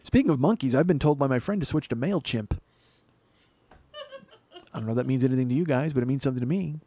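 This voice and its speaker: A middle-aged man hosting a comedy podcast, rambling through a solo monologue with self-mocking asides and sudden bursts of loud mock-outrage. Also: mid-range voice, fast. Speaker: podcast host.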